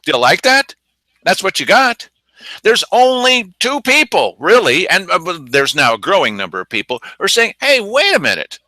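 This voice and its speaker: A man's voice: high-pitched, sing-song, normal speed, sharp tone, no room sound, low-quality recording. A man hosting an opinionated news commentary, indignant and sarcastic, mocking the people he quotes. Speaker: news show host.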